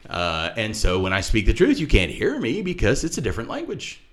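A man talking through a scripture passage in casual chat, animated and laughing as he explains. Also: lowish voice, a little fast. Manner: animated, acts out quoted voices, laughs often.

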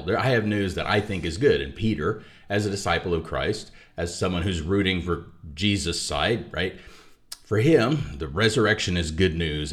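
In a conversational theology discussion, a male author appears as a guest to talk about his book. His voice is low and slightly bright, and he speaks thoughtfully, restarting sentences and adding asides.

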